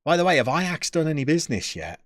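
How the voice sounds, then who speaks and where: A man's voice: on the high side, sing-song, fast, a bit bright, dry recording, studio quality. Chatty man streamer. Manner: chatty, joking, opinionated banter. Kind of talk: casual chat answering live chat.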